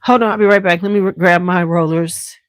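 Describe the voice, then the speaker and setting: A woman's voice: fairly low pitch, steady tone, fairly quick, no room sound. A woman hosting a beauty channel in a casual livestream chat at home. She talks straight to viewers, swears freely, and wears a clip-on mic.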